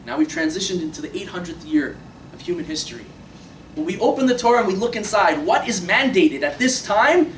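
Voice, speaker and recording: A young man giving an impassioned religious lecture to a room of listeners, swinging between emphatic peaks and quiet low passages. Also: animated, fairly quick. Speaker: Torah teacher. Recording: echoey room, distant mic, faint noise.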